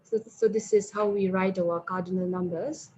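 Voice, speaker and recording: Woman teaching words slowly. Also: medium pitch, fairly even intonation, mellow, a little hiss or hum. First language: Mizo. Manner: slow, careful, repeats example words. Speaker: webinar resource person. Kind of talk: lecture teaching vocabulary with slides. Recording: muffled online webinar audio.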